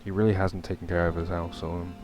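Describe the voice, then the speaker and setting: A young man with a very low voice reads a horror game aloud and chats between lines. His talk is loose and rambling. Game music plays under him. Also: flat delivery, fast. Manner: casual, rambling, full of fillers. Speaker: streamer. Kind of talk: casual gameplay commentary and reading aloud.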